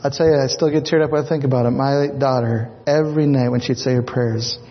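A middle-aged man, a pastor, telling a personal story in a sermon, animated and acting out the voices of the people he quotes. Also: mid-range voice, a little fast. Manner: animated, acts out quoted voices, repeats words. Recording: dull echoey hall recording.

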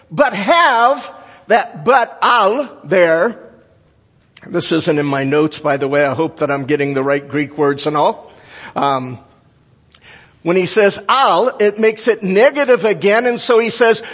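An older man preaching a sermon, teaching deliberately and emphatically, with grammar asides. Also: high-pitched, breathy edge, in a large hall.

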